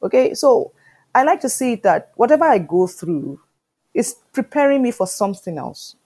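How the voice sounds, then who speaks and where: A woman, an animated storyteller in an interview who keeps asking whether you understand. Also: a little high, normal speed, slightly rough. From Nigeria. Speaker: interview guest. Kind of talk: conversational interview.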